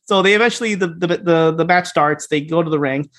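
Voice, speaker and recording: A man co-hosting a podcast, casually recapping a TV episode and acting out its dialogue in quick bits. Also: a little high. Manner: animated retelling, acts out scene dialogue. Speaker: podcast co-host.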